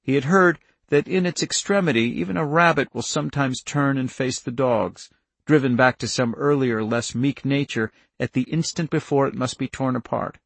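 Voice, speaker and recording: A man's voice: medium pitch, normal speed, creaky, fairly bright tone, no room sound. Man narrating a tense audiobook.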